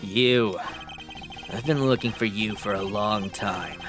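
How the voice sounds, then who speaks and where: Woman playing a grim male detective out for revenge, low, restrained, slow. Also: over music.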